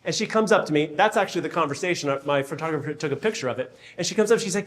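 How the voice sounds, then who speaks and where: A man's voice: a little high, rapid-fire, few pauses. A man, a real estate coach, giving a keynote talk and acting out conversations with raised voices. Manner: animated storyteller, acts out dialogue in raised voice.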